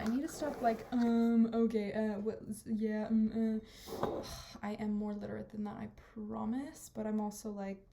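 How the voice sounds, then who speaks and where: A woman's voice: a little high, level tone, normal speed, vocal fry, background noise. Chatty, rambling young woman. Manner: rambling, chatty, valley-girl fillers; self-interrupting, jumps between topics. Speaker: podcast host. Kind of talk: casual monologue.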